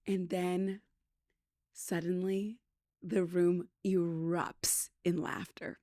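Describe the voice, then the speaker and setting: A woman from British Columbia hosting her show, telling a story in a chatty, animated way. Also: on the low side, extremely slow, no room sound, studio quality. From British Columbia, Canada. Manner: chatty and animated, acts out quotes. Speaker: podcast host. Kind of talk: casual storytelling monologue.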